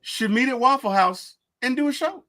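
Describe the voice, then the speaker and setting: A man's voice: very high voice, lively intonation, moderate pace, pushed and bright. A man co-hosting a casual sports podcast, joking and stammering when put on the spot. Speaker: podcast co-host.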